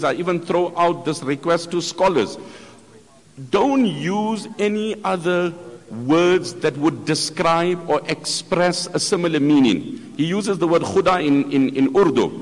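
A man giving an earnest religious talk, explaining and quoting scripture as he summarizes a lecture. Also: on the high side. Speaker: Islamic speaker summarizing a lecture. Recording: long hall reverb.

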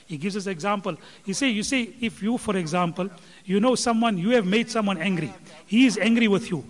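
Male preacher, very high register, impassioned, reverberant hall. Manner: impassioned, rising in pitch and volume when quoting. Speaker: religious speaker explaining a scholar's teaching. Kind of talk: sermon.

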